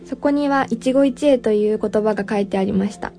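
A native Japanese speaker in her twenties tells a personal story with hesitant fillers. Her voice is fairly high and quick, with a mellow tone. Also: faint music behind. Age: 20s. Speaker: storyteller guest.

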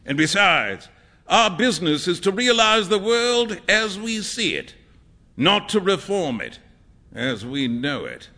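A man's voice: high voice, big pitch swings, measured pace, sharp tone, full character voice. A man voicing a jovial male painter in a storybook reading, with a theatrical, amused delivery. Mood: airy. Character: jovial wealthy-world male painter, teasing.

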